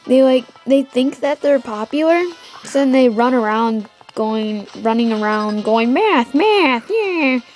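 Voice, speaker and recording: A teenage girl hosting gameplay commentary from home, rambling excitedly and trash-talking the game. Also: fairly high pitch, unhurried, soft background music. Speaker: let's play host.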